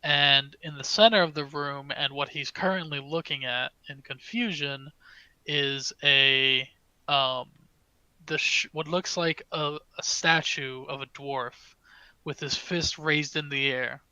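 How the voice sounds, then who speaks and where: Bright-voiced man running a tabletop game. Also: on the high side, fairly even intonation, slow pace, smooth, no room sound, low-quality recording. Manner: hesitant, many fillers, laughs often. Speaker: game master.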